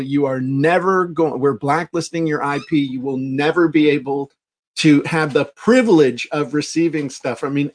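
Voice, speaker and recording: Animated man, slightly high voice. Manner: animated, acts out quoted people; frequent restarts and repeated words. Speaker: podcast co-host. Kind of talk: casual business chat.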